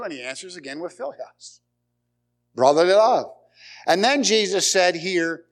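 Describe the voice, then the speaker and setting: A man's voice: high-pitched, lively intonation, normal speed. A man preaching a sermon as pastor, emphatic, repeating key words and asking the congregation rhetorical questions.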